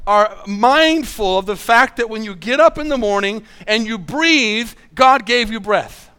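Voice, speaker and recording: A man preaching a sermon, earnestly asking the congregation questions and reading scripture slowly. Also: very high-pitched, sharp tone, clear, resonant tone. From United States.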